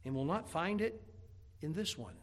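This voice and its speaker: Folksy high-voiced preacher. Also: male voice, sing-song, moderate pace. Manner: folksy, humorous storytelling with rising emphatic bursts; stammers repeated words. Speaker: pastor. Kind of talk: sermon.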